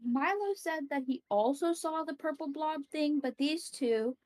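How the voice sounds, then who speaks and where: A woman's voice: high-pitched, a little slow, darkish tone. A woman playing a tabletop game, describing her character's actions and speaking for her, hesitant, with many fillers. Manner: hesitant, filler-heavy, light. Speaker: player. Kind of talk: tabletop game narration and chat.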